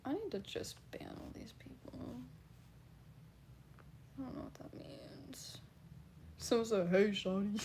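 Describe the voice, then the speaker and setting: A woman's voice: on the high side, darkish tone, a little hiss or hum. A woman livestreamer casually reading and answering chat, blunt and laughing, swearing freely.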